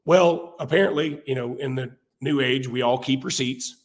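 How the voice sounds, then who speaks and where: A hoarse man co-hosting a casual sports podcast, animated and laughing at himself. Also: mid-range voice, moderate pace. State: hoarse from illness. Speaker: podcast co-host.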